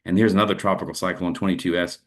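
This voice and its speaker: A man with a very low voice runs through a casual weather forecast. His talk is loose and conversational, and he thinks aloud as he moves between maps. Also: fairly even intonation, rapid-fire, fairly bright tone.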